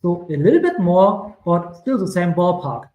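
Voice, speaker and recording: A man's voice: high voice, very animated, normal speed, warm tone, echoey room, rough recording. A man with a German accent giving casual crypto chart commentary, rambling and correcting himself with chatty asides. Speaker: crypto streamer.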